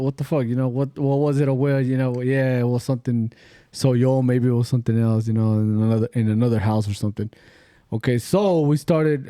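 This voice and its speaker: A middle-aged podcast host with a dark, mid-range voice tells ghost stories in a casual storytelling chat, rambling, profane, and slangy, with Spanish phrases dropped in. There's no room sound.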